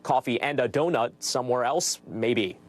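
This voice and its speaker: A man speaking as a business analyst guest in a news interview, explaining casually and quickly. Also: medium pitch.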